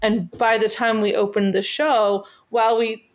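A woman's voice: fairly high pitch, level tone, measured pace, rough recording. An American woman and stage actress in casual chat, rambling with fillers and restarts. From United States. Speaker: actress and podcast guest.

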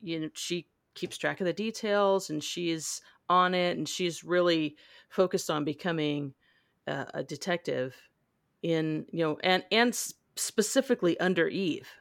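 Female podcast host, lowish voice, dry close sound, halting and filler-heavy. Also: creaky, dry recording. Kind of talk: casual book-club chat.

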